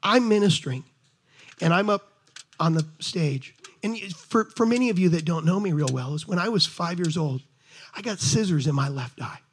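A middle-aged man preaching a sermon to a congregation in an animated, conversational way, talking straight to his listeners. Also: a little high, normal speed, breathy edge. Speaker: pastor. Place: church service before a congregation.

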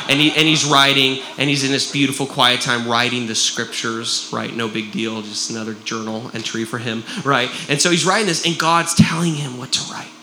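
A man preaching a sermon to a congregation, animated and jokey, with frequent "right?" asides. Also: medium pitch, slight background noise. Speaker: pastor. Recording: roomy echo.

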